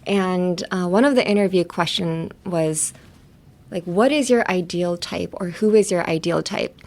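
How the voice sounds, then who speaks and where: Lowish and a little mellow, her voice drifts between Japanese and English as she talks casually in a podcast's bilingual English lesson. She's chatty and laughs readily.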